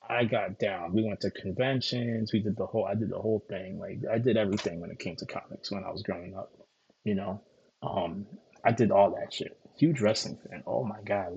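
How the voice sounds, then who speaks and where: A low, creaky man's voice with a darkish, husky tone and the highs cut off. He's a streamer host from Connecticut, USA, rambling casually and at length in a loose, profane way, repeating himself and filling gaps with "like" and "um."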